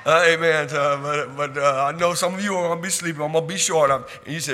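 A man preaching a sermon in church, drawing call and response from the congregation, repeating himself and building from quiet talk to loud shouting. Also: on the high side, fairly even intonation, fast, long reverb tail. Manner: repetitive, asks the church for amens. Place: church sanctuary.

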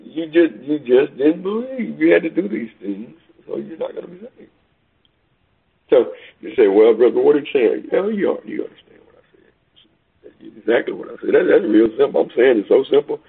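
A man preaching a sermon over a call, emphatic, swinging between loud peaks and quiet asides. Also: a little high, sing-song, normal speed, creaky, pauses often, husky. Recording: tinny phone line.

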